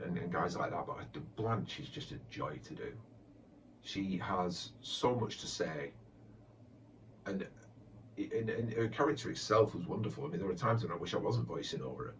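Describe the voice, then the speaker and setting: This low-voiced man, known for comedy voiceover parodies, chats through a casual fan Q&A with slight background noise. He sounds hesitant and chatty, full of fillers and restarts, recorded on a distant, muffled lo-fi mic.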